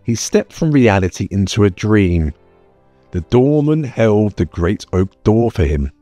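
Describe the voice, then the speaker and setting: A man narrating a fantasy audiobook in a measured storytelling manner. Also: lowish voice, big pitch swings, mellow, dry recording. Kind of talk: scripted narration. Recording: dry close mic, faint music bed.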